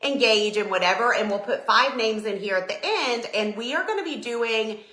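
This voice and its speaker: A middle-aged woman from Tennessee with a Southern accent, chatting casually and warmly greeting viewers by name on her live stream. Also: a little high, animated, moderate pace. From Tennessee, USA. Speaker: decor business owner hosting a live stream. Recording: echoey room.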